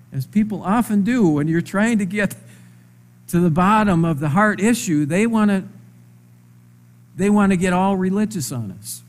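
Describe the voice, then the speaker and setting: A man preaching a sermon in a conversational way, asking his listeners rhetorical questions and stressing words slowly. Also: sits high. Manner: slow, emphatic phrasing.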